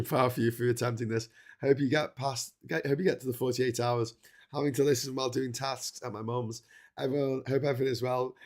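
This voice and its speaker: A man talks casually on a marathon livestream, reading viewer messages aloud. He is excitable and quick to laugh, often stumbling and restarting his sentences, and sounds tired from the long stream. His voice sits at an ordinary middle pitch. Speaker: livestream host.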